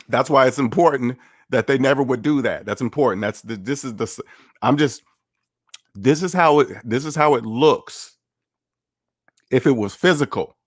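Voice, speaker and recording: Man, finance livestream host, blunt and sarcastic, mid-pitched voice, dry close sound. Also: normal speed, long pauses, no echo. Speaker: finance commentator. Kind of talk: casual livestream commentary.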